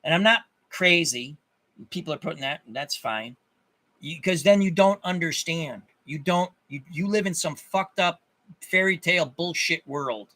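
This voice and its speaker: An angry man rants to his viewers in a high, bright voice. He swears a lot, restarts sentences and hammers the same point again and again. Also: unhurried. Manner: angry, profane, repeats himself in bursts. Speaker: channel host. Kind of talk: ranting monologue to viewers.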